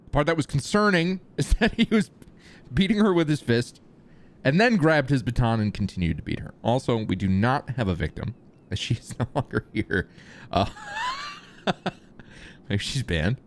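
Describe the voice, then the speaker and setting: A man's voice: medium pitch, animated, moderate pace, long pauses. A man streaming a police roleplay, chatting casually, laughing often and swearing. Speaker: streamer playing a police chief.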